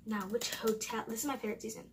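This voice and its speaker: A woman's voice: on the high side, steady tone, racing, far from the mic, noisy background. A young woman vlogging at home, chatting casually as she reads and answers quiz questions aloud. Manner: chatty, thinking aloud, reading quiz options. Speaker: YouTuber.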